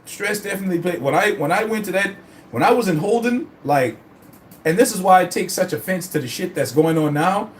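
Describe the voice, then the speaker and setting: A man's voice: sits high, fairly quick, a little hiss or hum. A man vlogging about his fitness journey in a casual, rambling, profane way. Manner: rambling, profane, animated storytelling. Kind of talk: casual chat.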